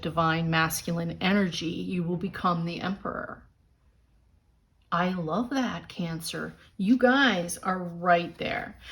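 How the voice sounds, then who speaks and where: A woman's voice: on the low side, fairly bright tone. A woman giving a monthly tarot reading, upbeat and encouraging, talking straight to her viewers. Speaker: tarot reader.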